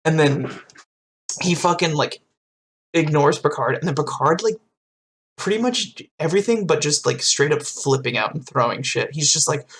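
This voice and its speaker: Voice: medium pitch, lively intonation, moderate pace, fairly bright tone. A podcast co-host rambling through a TV episode recap in casual chat, swearing and quoting characters.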